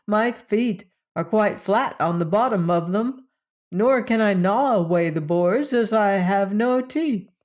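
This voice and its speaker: A woman's voice: mid-range voice, lively intonation, takes it slowly, a little mellow, muffled recording, pitched above the performer's own voice. A woman voicing a boastful but harmless male beast in an audiobook, proud and easily offended. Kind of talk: audiobook character voice.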